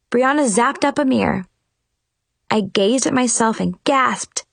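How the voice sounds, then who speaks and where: A woman narrating a playful first-person story in an animated, dramatic way. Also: mid-range voice, measured pace, vocal fry, dry recording.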